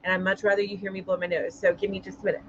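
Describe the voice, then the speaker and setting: A woman's voice: mid-range voice, level tone, rapid-fire, a bit bright, lo-fi sound, slight background noise. A woman hosting a casual live chat stream, greeting viewers by name and laughing often as she talks. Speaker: livestream host.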